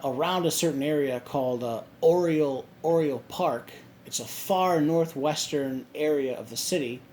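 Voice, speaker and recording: A man with a mid-range voice tells a long story to his viewers. He stumbles, restarts, and fills his pauses with "uh" and "you know", over a faint background hum. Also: medium pitch, a little mellow. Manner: halting, many restarts and fillers. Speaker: vlogger. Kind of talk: casual storytelling.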